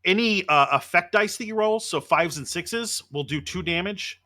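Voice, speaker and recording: A man's voice: high voice, normal speed, pushed and bright. Upbeat male game master. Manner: explains rules, then narrates the action vividly. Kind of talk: narrating a tabletop game.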